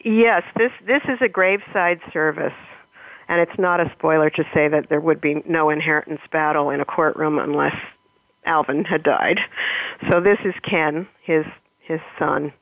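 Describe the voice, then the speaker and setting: A woman author in an interview, speaking thoughtfully with halting pauses, then reading aloud from her own novel. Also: deep voice, fairly even intonation, no echo. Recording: tinny phone line.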